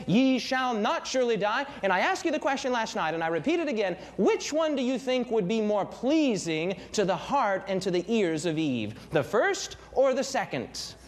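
High-pitched man preaching with fervor. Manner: fervent, dramatic, swings pitch and pace for emphasis. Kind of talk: sermon.

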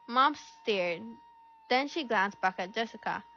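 A woman's voice: medium pitch, lively intonation, unhurried, pushed and bright. A woman reading a children's story aloud, shifting her voice a little for each character. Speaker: storybook reader. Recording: dull lo-fi recording with faint music.

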